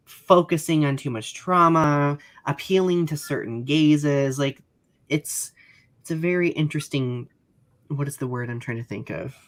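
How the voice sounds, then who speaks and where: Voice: medium pitch, fairly bright tone. A podcast co-host in a casual panel discussion, thinking aloud and hedging while searching for words.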